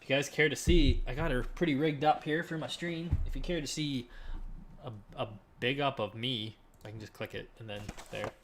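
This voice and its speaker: A young man chatting casually on a live stream from his living room while listing items to resell, relaxed and often trailing off quietly. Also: medium pitch, normal speed, slight background noise.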